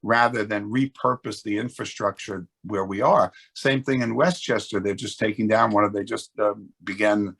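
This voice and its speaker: A man's voice: lowish voice, steady tone, normal speed, hardly any pauses, a bit bright, breathy edge. A man speaking as a real estate executive on a webinar panel, explaining his points earnestly and often restarting his sentences.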